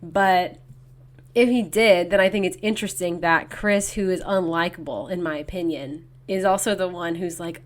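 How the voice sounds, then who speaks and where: A woman co-hosting a book podcast in casual chat, quickly quoting characters' lines as she talks. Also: on the low side. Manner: chatty, acts out characters' lines in quotes. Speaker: podcast co-host.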